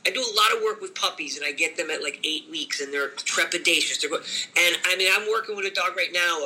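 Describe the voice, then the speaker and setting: A middle-aged dog trainer talks in a lively, conversational way, jumping into short put-on voices for owners and dogs. His voice sits high for a man and sounds very bright and cutting. He keeps a casual, energetic manner throughout. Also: a little hiss or hum, poor audio. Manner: animated, acts out owners and dogs in quick voices.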